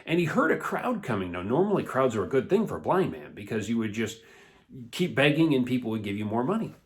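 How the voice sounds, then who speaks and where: Lively guy telling kids a bible story, playful, pitch all over the place. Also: quick pace. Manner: animated, playful, laughs often. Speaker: children's church teacher.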